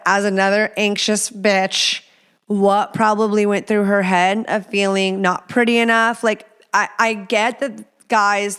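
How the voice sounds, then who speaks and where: Smooth-voiced woman podcast host, frank. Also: mid-range voice, fairly bright tone. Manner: frank and profane, chatty. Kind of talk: casual relationship advice.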